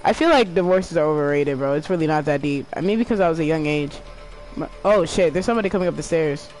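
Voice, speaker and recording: A woman's voice: low-pitched, fast, a little mellow, faint music behind, poor audio. A woman chatting casually while gaming, telling a rambling childhood story with swearing and slang.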